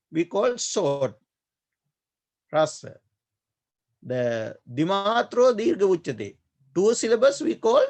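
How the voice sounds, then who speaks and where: Slow, gravelly-voiced monk teaching grammar. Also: male voice, sits high. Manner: slow, repetitive, hesitant with many fillers. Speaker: Pali teacher, Buddhist monk. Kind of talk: online class lecture.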